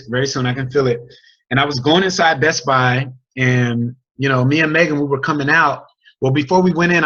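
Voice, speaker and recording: A man coaching his team on a group video call, telling a story with an energetic, chatty manner and questions to the group. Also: medium pitch. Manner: energetic, chatty, sports metaphors and crowd questions. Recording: dull lo-fi video call audio.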